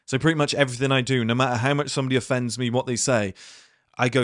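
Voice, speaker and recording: A man's voice: medium pitch, fairly even intonation, rapid-fire, a bit bright, no echo, clean studio sound. A man in his thirties giving a casual motivational talk to his viewers, blunt and rambling, with plenty of swearing and fillers. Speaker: channel host.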